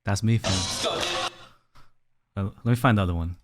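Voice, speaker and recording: A man's voice: on the low side, normal speed, soft background music. A man streaming live from a small room, chatting casually and rambling to his viewers, a little out of breath. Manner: chatty, rambling, talks to chat as "fam".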